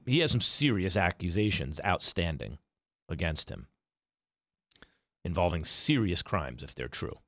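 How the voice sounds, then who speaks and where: Middle-aged male sports radio host, opinionated, animated pitch, dry studio sound. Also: no room sound. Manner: argumentative, rhetorical questions, animated delivery.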